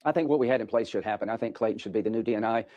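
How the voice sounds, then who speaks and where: A man's voice: lowish voice, racing, mellow, muffled recording. A man who is a senator, giving emphatic, declarative answers in a TV interview.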